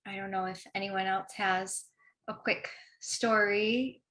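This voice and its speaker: Woman moderator, slow hesitant handoff, bright tone. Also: medium pitch, fairly even intonation. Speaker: forum moderator. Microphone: video call.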